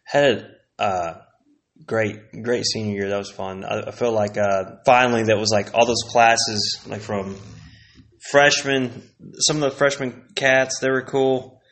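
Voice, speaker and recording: A man's voice: fairly low pitch, fairly even intonation, unhurried, a bit bright. A man from Texas hosting a casual solo podcast, rambling through old memories with plenty of swearing. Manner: rambling, profane, laid-back, sipping whiskey. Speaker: podcast host.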